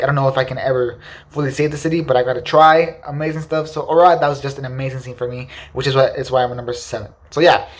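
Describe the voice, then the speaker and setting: A man giving a casual, enthusiastic spoken film review, leaning on fillers and repeating words for emphasis. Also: medium pitch. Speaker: movie reviewer.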